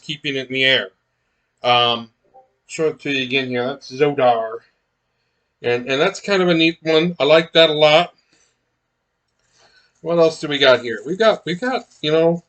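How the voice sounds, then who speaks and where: Unboxing blind-box miniatures, a collector with a somewhat high, slightly bright voice chats casually. He rambles, using lots of fillers and restarting sentences.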